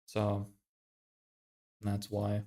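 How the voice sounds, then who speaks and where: A man's voice: lowish voice, monotone, extremely slow, warm tone. A young man chatting casually on a livestream, reading viewer messages, swearing and laughing often. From Ireland. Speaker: livestreamer and agency owner.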